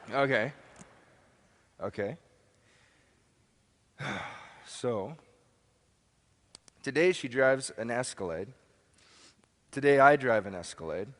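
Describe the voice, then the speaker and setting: Emphatic man on a reverberant stage. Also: medium pitch. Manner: emphatic, repeats key phrases, asks the audience questions. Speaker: motivational speaker. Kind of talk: live seminar talk to an audience. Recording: long hall reverb.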